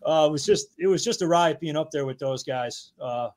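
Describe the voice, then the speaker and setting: A man in his fifties with a voice a little higher than most men. He tells loose, rambling stories, laughs often and swears casually. It is a relaxed podcast chat. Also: moderate pace. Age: 50s. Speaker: guest, battalion chief. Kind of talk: casual anecdote-telling.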